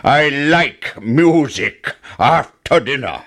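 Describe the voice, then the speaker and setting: A man voicing a huge, wicked male giant in a storybook reading, speaking in slow, drawn-out threats. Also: medium pitch, expressive, fairly bright tone, pitched above the performer's own voice, exaggerated voice. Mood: commanding.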